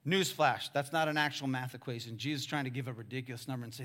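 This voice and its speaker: A male pastor preaching a sermon in a conversational way, calling the crowd guys and swinging between hushed and loud. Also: medium pitch, fairly even intonation, fast, few pauses.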